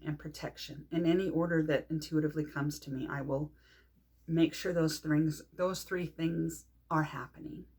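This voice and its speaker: A middle-aged woman leading a guided grounding meditation, calm and unhurried, pausing often between phrases. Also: low-pitched, slightly rough. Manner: calm, unhurried, speaks with pauses and soft fillers. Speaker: meditation teacher.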